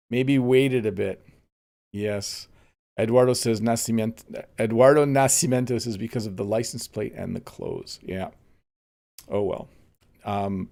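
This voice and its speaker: Middle-aged man from Canada, English teacher, chatty and easygoing with viewers, low gravelly voice. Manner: relaxed, chatty, answers viewer comments. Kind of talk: live-stream lesson while playing a game.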